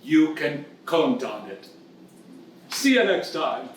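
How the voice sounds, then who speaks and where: A man with a fairly high voice hosts a comic lesson, retelling the tale with a bawdy, teasing glee. He sounds a step away from the mic, and a strong room echo rings around his words over faint background noise. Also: big pitch swings, slow, distant mic. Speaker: host.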